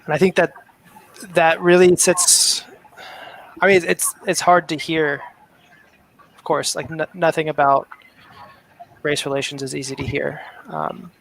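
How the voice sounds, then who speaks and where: A man taking part in a casual book club discussion, speaking thoughtfully and pausing to reflect. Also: a little high, steady tone, creaky, a bit bright, rough recording.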